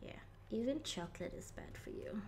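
A woman's voice: mid-range voice, lively intonation, moderate pace, vocal fry, darkish tone, a little hiss or hum. A woman streaming a video game live, chatting casually with viewers, giggling often and swearing when startled. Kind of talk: casual live gameplay chat.

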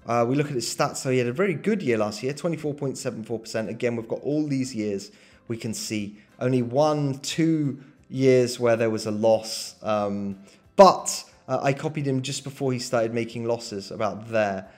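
A man's voice: mid-range voice, normal speed, darkish tone. A man vlogging about his investments in a casual, think-aloud way, hesitant and second-guessing himself. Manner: thinking aloud, hesitant, full of ums and self-doubt. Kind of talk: casual screen-share commentary.

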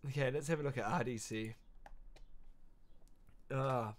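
A young man streaming live, reacting to clips in casual chat, excitable and openly emotional, swearing freely. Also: medium pitch, unhurried.

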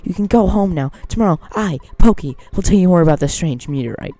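A game streamer voicing a pushy, self-important neighbor boy from a video game, pitched up above the streamer's own voice. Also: lively intonation, brisk, mellow, no echo, close to an everyday voice. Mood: bossy.

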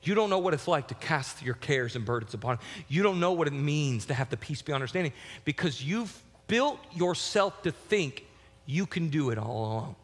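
A man preaching a sermon as pastor, telling a personal story with lively shifts from loud, excited bursts to quiet, reflective passages. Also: on the high side, normal speed, big-room sound.

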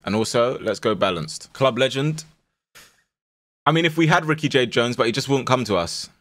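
A young man streaming a football management game, shouting at his players and then dropping to low mutters. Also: lively intonation, moderate pace, no room sound. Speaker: gaming streamer. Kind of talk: live game commentary.

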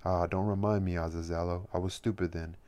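A man's voice: sits low, flat delivery, a little fast, mellow, natural voice. A man reading the part of a bold, reckless young woman with eager, headstrong speech in an audiobook. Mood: wry.

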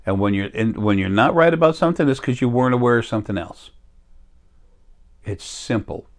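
A man's voice: medium pitch, animated, fairly quick. A man in a rambling, self-interrupting casual monologue as a spiritual healer, recorded on a laptop or phone.

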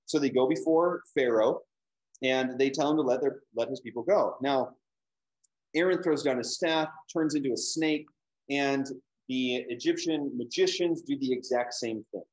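A man's voice: medium pitch, moderate pace, darkish tone, low-quality recording. Conversational man giving a Bible lecture. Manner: conversational, fillers, frequent "right?" check-ins.

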